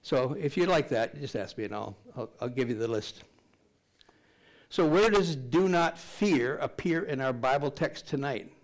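A man's voice: medium pitch, animated, moderate pace. Older man, pastor, conversational sermon, rambling humorous asides, scripture reading.

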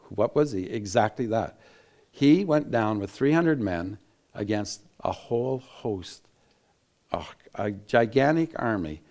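A man preaching a Bible teaching in an animated way, laughing and acting out quotes, with frequent restarts. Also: fairly low pitch. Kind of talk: sermon-style Bible teaching.

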